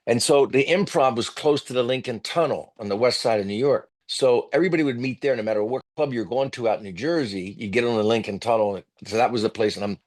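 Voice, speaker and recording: A man, a comedian guest telling lively stories on a podcast and acting out other people's loud voices. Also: mid-range voice. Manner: animated storyteller, acts out loud voices of others. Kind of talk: storytelling podcast interview.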